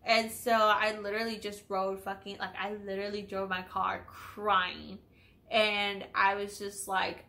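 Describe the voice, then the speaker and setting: A woman's voice: mid-range voice, flat delivery, a little slow, pushed and bright. A woman in her twenties telling a personal story in a casual vlog, candid and profane, with lots of "like". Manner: candid, profane, heavy use of "like". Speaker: vlogger.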